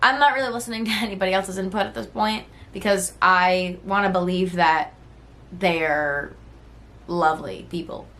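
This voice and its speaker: A woman in her twenties tells a personal story straight to camera in a relaxed vlog style. She talks candidly and conversationally, leaning on "like" and "right?". She swears freely and slips into quoted voices when she retells old text messages. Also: lowish voice, moderate pace.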